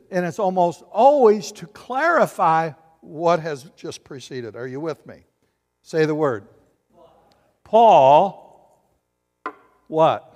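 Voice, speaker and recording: Male pastor, higher voice, animated preaching style in a reverberant hall. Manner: animated, acts out voices and asks the congregation questions. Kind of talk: sermon.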